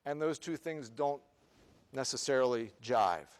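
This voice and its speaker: A man leading a concert band rehearsal, counting off the players, singing rhythms to show them, and quizzing them with quick questions. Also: medium pitch, clear, resonant tone. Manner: counts off and sings rhythms to demonstrate. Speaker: band clinician. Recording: long reverb of a large hall.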